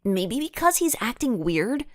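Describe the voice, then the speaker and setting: A woman's voice: a little high, sing-song, a little slow, no room sound, studio quality, pitched above the performer's own voice. A woman voicing Ava, a confident and playful young girl detective in a kids' audiobook. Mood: hushed. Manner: playful, mock-formal. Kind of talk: audiobook character voice.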